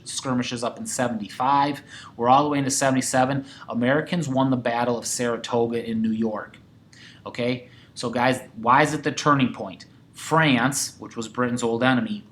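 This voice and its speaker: A man's voice: medium pitch, a little hiss or hum. A man teaching a sixth-grade history lesson, talking to his class and acting out quoted voices. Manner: animated, acts out quoted voices.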